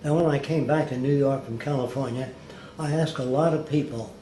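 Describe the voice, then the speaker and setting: A man's voice: medium pitch, brisk, dark tone, slight background noise. A man in an interview telling anecdotes in a plainspoken, wry way, often acting out the people he quotes. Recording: roomy archive recording, faint ambience.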